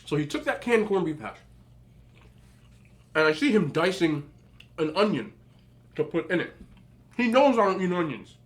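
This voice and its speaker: High-pitched and very animated, this young man's voice moves at a moderate pace broken by long pauses. He's a mukbang vlogger spinning chatty, casual stories as he eats, often talking through a full mouth.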